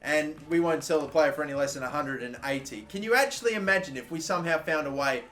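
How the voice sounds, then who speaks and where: A young Australian man giving exasperated, swearing commentary over his own football video game, with sudden loud outbursts. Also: on the high side, fast talker, faint music behind. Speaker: gaming YouTuber. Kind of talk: gameplay commentary.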